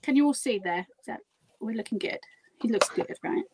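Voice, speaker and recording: A woman's voice: a little high, lively intonation, fairly quick, noisy background. A woman guiding a live craft demonstration, chatty, giggly and poking fun at herself as she works. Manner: chatty, giggly and self-deprecating. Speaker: guest crafter demonstrating a project.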